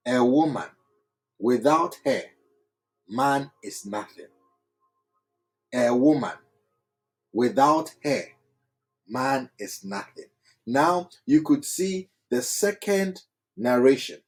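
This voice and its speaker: Guy lecturing at a whiteboard, real slow, kinda husky voice, faint music behind. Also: medium pitch, a little mellow, low-quality recording. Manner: slow, deliberate, repeats phrases word by word. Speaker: teacher.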